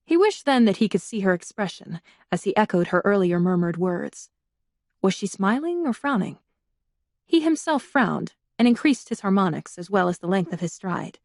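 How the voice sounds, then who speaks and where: A woman narrates an audiobook in a steady, measured reading voice, pitched in the middle range. She is close to the mic, and the recording is dry with no room sound. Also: no room sound. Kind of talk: scripted narration.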